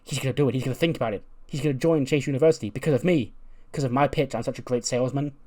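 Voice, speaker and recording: A man voicing a bubbly, eager young woman who pushes a sales pitch for her wrestling school, talking fast and gushing. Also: warm tone, natural voice. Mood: excited.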